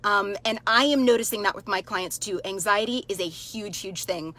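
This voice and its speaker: A woman's voice: mid-range voice, moderate pace, bright, forceful tone. A woman in her thirties coaching live and talking straight to her viewers in a chatty, upbeat way. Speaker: life coach hosting a live stream. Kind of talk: casual live-stream coaching talk.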